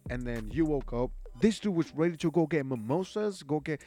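A young man co-hosting a casual podcast chat, animated and swearing freely, often mimicking other people in high voices. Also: fairly quick, soft background music. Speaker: podcast co-host.

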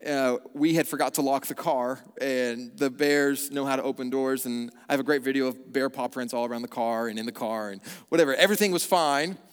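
A man, a pastor, telling a story with animated energy and then praying in a hushed, slow voice. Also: medium pitch, smooth. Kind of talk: sermon with storytelling and prayer. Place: church auditorium. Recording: long hall reverb.

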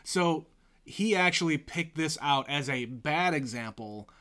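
A podcast co-host in casual movie chat, relaxed and agreeable, with many short affirmations. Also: mid-range voice, unhurried.

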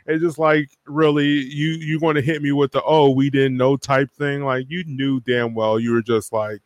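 A man's voice: mid-range voice, flat delivery, moderate pace, no room sound, dull audio. A man co-hosting a casual podcast chat, blunt, exasperated and swearing. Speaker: podcast co-host.

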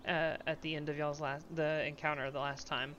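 A man's voice: a little high, little pitch movement, moderate pace, bright, forceful tone, lo-fi sound, slight background noise. A man running a tabletop game as game master, narrating loosely with many fillers.

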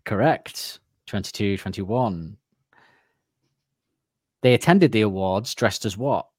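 A man's voice: lowish voice, expressive, slow, darkish tone, no echo, studio quality. A man hosting a casual podcast quiz, teasing the players and laughing as he reads out questions.

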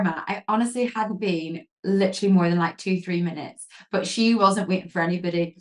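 A woman guest chatting in an interview, telling lively stories full of fillers and acting out what people said. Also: medium pitch, fairly quick, hardly any pauses. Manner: lively storyteller, many fillers, acts out quotes. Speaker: guest, pageant queen and photographer. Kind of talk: casual interview chat.

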